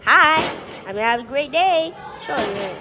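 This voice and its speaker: A woman's voice: high-pitched, lively intonation, normal speed, over music. A woman telling a playful story over sandbox gameplay, goofy and full of sound effects and exclamations. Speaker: gaming channel creator.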